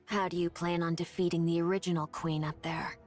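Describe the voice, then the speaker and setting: A cryptic, unhuman advisor speaks in a deep, deadpan murmur, voiced by a woman. This is game voice acting, level and knowing. Faint music sits underneath. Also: a little fast, lightly acted. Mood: cool, probing. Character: calm, cryptic female Rapture advisor.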